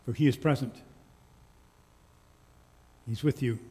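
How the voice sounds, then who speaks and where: A male pastor preaching in a church, slow and earnest, with lines that trail off softly. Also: medium pitch, fairly even intonation, slightly rough. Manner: slow, earnest storytelling with soft, quiet endings. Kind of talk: sermon. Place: church sanctuary. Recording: long church reverb.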